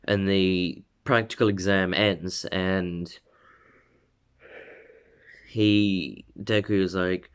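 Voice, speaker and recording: A man with a somewhat low voice casually spins out a fan-made story. He rambles, circles back and corrects himself mid-sentence, stringing events together loosely. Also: flat delivery, drawn-out words, pauses often, clean tone. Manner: rambling, many fillers and self-corrections. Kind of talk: casual fan-fiction retelling.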